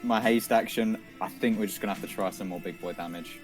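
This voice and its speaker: Low-voiced man playing a tabletop game. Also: fast. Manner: hesitant, full of ums and likes. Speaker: player. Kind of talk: describing actions in a tabletop game. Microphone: online voice call. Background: background music.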